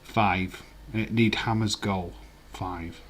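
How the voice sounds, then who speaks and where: Male streamer in his forties, lowish voice, easygoing rambling chat. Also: fairly even intonation, slow, a little hiss or hum. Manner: laid-back, rambling commentary with filler words. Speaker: streamer hosting a live watch-along. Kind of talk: casual live-stream chat, reading viewer comments.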